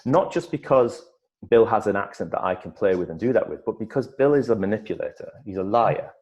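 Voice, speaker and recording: A man with a very low voice and a northeast English accent talks casually as an actor being interviewed. He thinks aloud, circling back and restarting his sentences as he goes. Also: animated, fairly quick, darkish tone. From northeast England. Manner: thoughtful, rambling with restarts and acted-out quotes.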